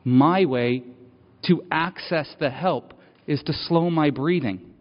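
A man's voice: fairly high pitch, takes it slowly. Male preacher, conversational storyteller who builds with repeated phrases; long hall echo, slightly muffled sound. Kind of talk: personal sermon storytelling. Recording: dull, reverberant hall sound.

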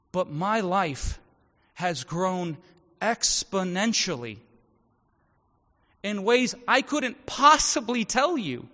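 A man with a high, sharp-toned voice preaches a sermon in a church, speaking conversationally and acting out the voices of people in his stories. The audio is dull, with the echo of a large hall.

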